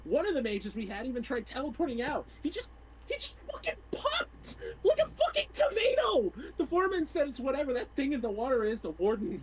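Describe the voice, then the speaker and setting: A man's voice: extremely high pitch, darkish tone, a little hiss or hum, voice pushed up, poor audio. A man voicing a terrified young male dock engineer who is trapped, his delivery panicked and cracking upward. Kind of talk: reading a log entry in character.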